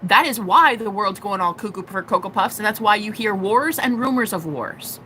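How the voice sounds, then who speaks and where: Young woman, tarot streamer; bright, forceful delivery, profane and theatrical, slight background noise. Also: medium pitch, moderate pace. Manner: animated, profane, acts out quoted voices. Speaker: tarot reader. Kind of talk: live-stream tarot reading.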